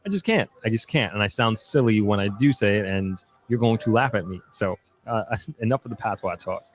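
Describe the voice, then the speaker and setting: A man's voice: fairly low pitch, fairly even intonation, normal speed. A young man hosting a live stream, reading viewer comments aloud and answering them in a loose, chatty way with many restarts and fillers. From New York, United States. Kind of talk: casual live chat.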